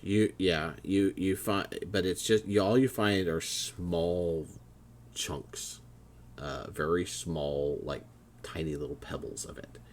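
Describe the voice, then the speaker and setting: A man narrating as game master of a tabletop game, halting and full of fillers as he describes things. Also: low voice, fairly even intonation, a little hiss or hum. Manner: halting, many fillers and restarts.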